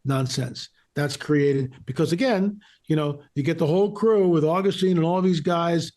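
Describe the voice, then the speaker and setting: A man's voice: on the high side, moderate pace, darkish tone. A man being interviewed as a researcher and author, talking emphatically and repeating phrases for stress. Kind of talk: interview conversation.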